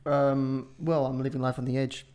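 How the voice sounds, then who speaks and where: A man co-hosting a casual podcast chat, rambling and joking excitably. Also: medium pitch, moderate pace. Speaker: podcast co-host.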